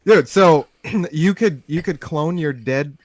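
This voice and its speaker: A man's voice: on the high side, takes it slowly, no echo. A man in a casual podcast chat who jokes, swears and laughs.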